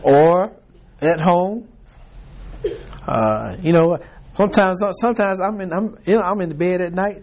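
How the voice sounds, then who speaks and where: A man's voice: high-pitched, unhurried, a little mellow. A man leading an informal Bible study, talking conversationally with frequent restarts and acting out people's reactions.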